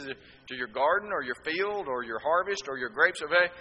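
A man's voice: on the high side, animated, a little fast, few pauses, sharp tone, big-room sound, dull audio. A man preaching a sermon, telling folksy stories with rhetorical asides.

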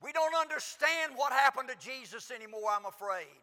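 A man preaching a sermon in an auditorium, impassioned, swinging from hushed lines to shouts. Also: very high-pitched, expressive, normal speed. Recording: long hall reverb.

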